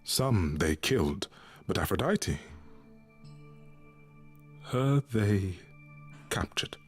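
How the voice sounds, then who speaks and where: An actor playing a weary young male god of love in a video game, speaking in a heartfelt, halting way. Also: low-pitched, big pitch swings, soft background music, full character voice. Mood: somber.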